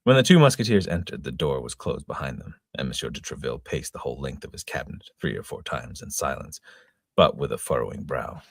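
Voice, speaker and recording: A middle-aged man reads a classic novel aloud with a very deep, husky voice. His delivery is plain and steady, with occasional stumbles. The recording sounds close and dry. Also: fairly quick, no room sound. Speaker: reader. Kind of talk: amateur reading of a classic novel.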